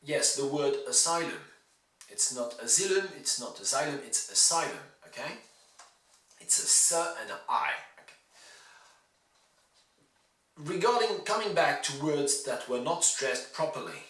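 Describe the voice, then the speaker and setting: A male teacher giving a pronunciation lesson, saying words slowly and stressing each syllable with care. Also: mid-range voice, lively intonation, a bit bright. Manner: slow, deliberate, exaggerated stress on words. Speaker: university English teacher. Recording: roomy, from a distance off mic.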